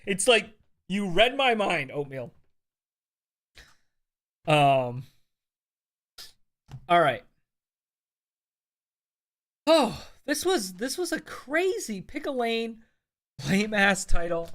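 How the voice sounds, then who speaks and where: A young adult streamer with a medium-pitched, slightly bright voice chats casually with viewers during a live stream. The talk is full of fillers, restarts and frequent swearing.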